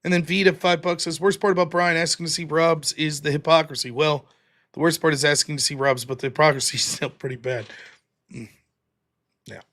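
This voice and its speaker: A man's voice: on the high side, steady tone, a little fast, fairly bright tone. An American man hosting a live stream, reading viewer donations aloud in a mock-wounded, self-deprecating way. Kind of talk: casual live-stream chat.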